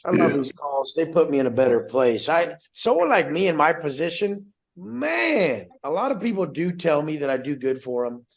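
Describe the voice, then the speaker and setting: A man's voice: a little high, very animated, normal speed, vocal fry, few pauses, echoey room, poor audio. A young man hosting a group coaching call, brash and swearing, acting out the voices of people he quotes.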